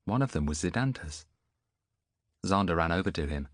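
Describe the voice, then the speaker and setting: A male audiobook narrator with a very low voice who tells the story in a lively, expressive way. The reading is recorded close and dry, with no room sound. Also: moderate pace, no echo. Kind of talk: scripted narration.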